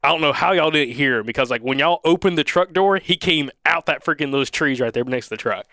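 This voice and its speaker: Fast-talking man, rambling storyteller. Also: on the high side, bright, forceful tone, no room sound, clean studio sound. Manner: rambling, restarts, acts out quoted dialogue. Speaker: podcast co-host. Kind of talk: casual storytelling chat.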